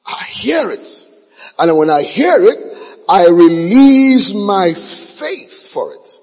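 Man preaching, high lively voice, husky, emphatic repetition, long hall reverb. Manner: emphatic, repeats key phrases, stretches words slowly. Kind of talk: sermon.

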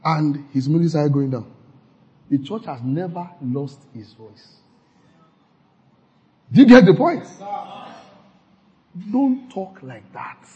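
A man preaching a sermon as a pastor. He swings suddenly between loud and soft, acts out quoted gossip and repeats lines for emphasis. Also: fairly high pitch, big pitch swings, unhurried, long pauses, slightly rough. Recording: dull lo-fi recording.

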